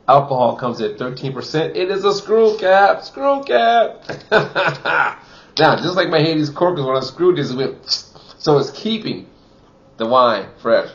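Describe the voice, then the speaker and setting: A man's voice: medium pitch, dull audio. A man giving a casual wine tasting review, chatty and full of "you know" fillers, from Wisconsin.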